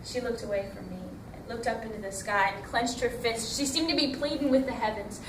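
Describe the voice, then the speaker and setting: A woman with a high voice narrating a dramatic story in the first person, her delivery emotional and theatrical. She sounds distant, as if heard from the back of a reverberant hall, with a faint hum of the room. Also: brisk. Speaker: storytelling competitor. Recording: echoey hall from far off.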